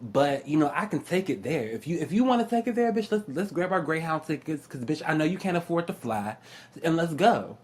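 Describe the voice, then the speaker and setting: A man's voice: fairly high pitch, sing-song, a little fast. A young man telling stories in a casual, profane rant, often laughing and mimicking other people's voices. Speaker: astrology YouTuber.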